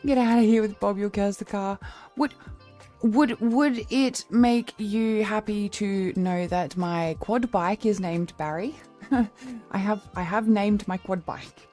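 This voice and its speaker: A young Australian woman chats casually to her stream viewers in a playful way. She swears freely and laughs often, with her voice at an ordinary middle pitch. Soft music plays quietly behind her. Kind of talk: casual livestream chat.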